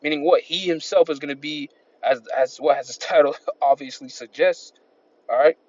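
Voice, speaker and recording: A man's voice: a little high, moderate pace, darkish tone, no room sound. Male preacher, loose and repetitive delivery, scripture readings, dull home-recorded audio. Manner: rambling, repetitive, peppered with "man" and "all right". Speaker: street-style preacher. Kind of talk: informal sermon with scripture reading.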